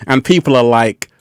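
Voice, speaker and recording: A man's voice: mid-range voice, clean tone, no room sound, clean studio sound. A man hosting a casual livestream who laughs often and repeats his phrases. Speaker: livestream host.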